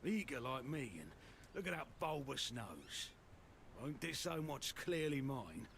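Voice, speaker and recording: A man voicing a grumpy, foul-mouthed old former keeper in a video game, with a gruff, rambling way of talking. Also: medium pitch, big pitch swings, a little slow, fairly bright tone, slight background noise, full character voice. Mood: scornful. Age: older. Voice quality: gravelly. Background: game music.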